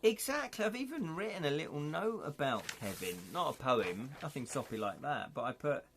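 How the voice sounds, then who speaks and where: A man's voice: on the high side, very animated, normal speed, fairly bright tone, soft background music. A man from the UK hosting a casual live-stream read-through of an adventure gamebook. He is jokey and rambling, often stops to chat, and stumbles and restarts over words as he reads aloud. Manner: jokey and rambling, breaks off the reading to chat and laugh.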